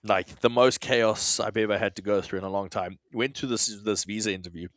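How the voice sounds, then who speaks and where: A man's voice: lowish voice, steady tone, brisk, no room sound. A man from South Africa with an Australian accent and South African traces, co-hosting a podcast in casual, rambling, self-deprecating chat with some swearing. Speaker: podcast co-host.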